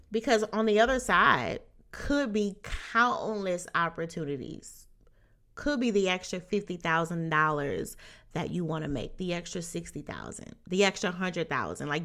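Young adult woman, podcast host, earnest motivational talk, bright forceful tone. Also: on the low side. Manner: earnest and encouraging, often adds "right?".

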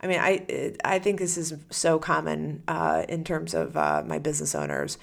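A woman's voice: deep voice, lively intonation, moderate pace, vocal fry. A woman hosting a solo podcast as a coach, talking casually and animatedly, acting out the listener's inner voice.

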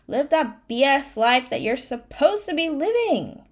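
A woman's voice: high voice, sing-song, measured pace, few pauses. A young woman hosting a solo podcast, talking candidly and emotionally about her struggles, encouraging herself and her listeners, often tearful. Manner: candid, self-encouraging, with frequent fillers and restarts. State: tearful at times. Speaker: podcast host.

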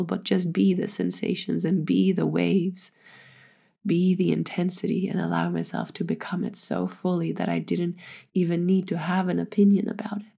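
A woman telling her own birth story in a slow, meditative, soft-spoken way that sinks into whispers. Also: on the low side, vocal fry, breathy edge. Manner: drops into whispers. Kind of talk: personal storytelling.

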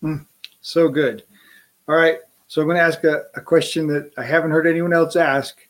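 A man's voice: a little high, fairly even intonation, normal speed. A man hosting an interview, asking questions in an affirming, easygoing way and laughing easily. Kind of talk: conversational interview.

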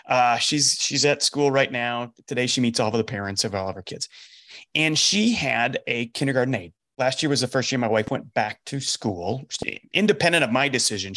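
A middle-aged man, a coach hosting a podcast, telling a story in casual conversation and acting out the dialogue. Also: medium pitch. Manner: animated storyteller, acts out quoted dialogue. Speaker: life coach and podcast host.

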